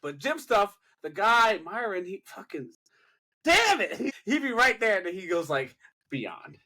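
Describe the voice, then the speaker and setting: A man's voice: high voice, animated, moderate pace, sharp tone. A man co-hosting a podcast, slangy and playful, repeating catchphrases in casual chat. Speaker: podcast co-host.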